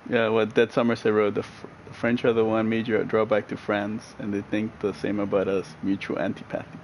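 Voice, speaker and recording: A man's voice: fairly low pitch, completely flat delivery, a little fast, dull audio. A middle-aged man streaming a racing game live, chatting casually, reading viewer comments aloud and laughing often. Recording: racing game car noise loud behind voice.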